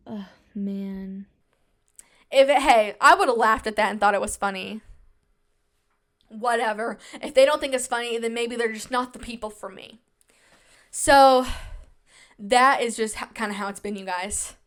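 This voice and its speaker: This twenty-something woman hosts a podcast, her medium-pitched voice moving at a measured pace. She chats casually about her own life, poking fun at herself with a sarcastic edge.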